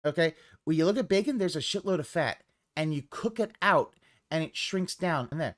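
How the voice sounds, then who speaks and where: A man's voice: on the high side, normal speed. A man streaming live and commenting casually, rambling and swearing as he reacts to a clip. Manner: rambling, profane, animated.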